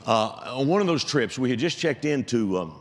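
A man's voice: mid-range voice, sing-song, moderate pace, long reverb tail. A man in his seventies, a retired pastor, preaching with self-deprecating storytelling and frequent restarts. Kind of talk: sermon with a humorous story. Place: church sanctuary.

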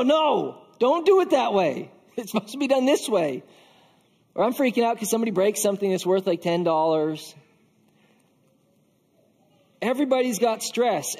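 A pastor preaches a conversational sermon in a casual, earnest manner, often filling with "like". His voice sits high and a little mellow, with a big-room sound.

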